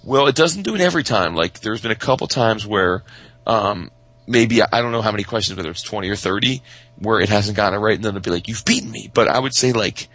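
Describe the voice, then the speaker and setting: Excitable low-voiced man, casual podcast chat. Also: fast, no room sound, low-quality recording. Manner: excitable storyteller, swears freely, does silly toy voices. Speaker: podcast co-host.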